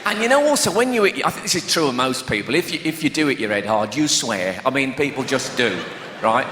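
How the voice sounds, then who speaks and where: A man doing live stand-up, telling stories in a chatty, animated way and laughing along with his own jokes. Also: medium pitch, fairly quick, noisy background. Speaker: stand-up comedian. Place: large theatre with a live audience. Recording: echoey live hall recording with audience.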